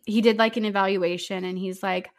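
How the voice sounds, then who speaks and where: A woman of ordinary pitch speaks as a podcast guest, telling her own story openly. Her speech is halting, full of fillers and self-corrections. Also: steady tone. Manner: open, halting, with many fillers and restarts. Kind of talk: candid personal storytelling.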